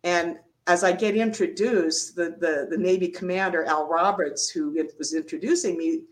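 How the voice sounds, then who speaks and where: A woman's voice: on the low side, moderate pace, rough recording. An older woman, a retired Navy doctor, telling stories in an interview and acting out the quotes. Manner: animated storyteller, acts out quotes. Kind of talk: storytelling interview.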